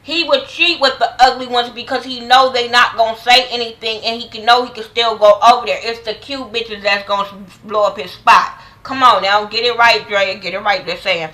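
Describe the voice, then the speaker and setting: A woman's voice: a little high, fairly even intonation, normal speed, hardly any pauses, pushed and bright, low-quality recording. A woman giving a blunt, profane, slang-heavy casual review of a reality TV episode. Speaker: reality TV recap vlogger.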